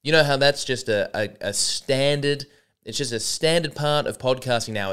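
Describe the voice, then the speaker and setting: A man's voice: mid-range voice, fairly bright tone, smooth. A young man hosting a comedy podcast alone, rambling and sarcastic, often mocking himself. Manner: sarcastic, rambling, self-deprecating. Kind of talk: solo comedic monologue.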